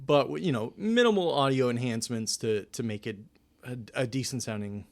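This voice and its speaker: A man's voice: mid-range voice, moderate pace. Rambling self-deprecating man, casual podcast. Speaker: podcast host. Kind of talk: casual chat.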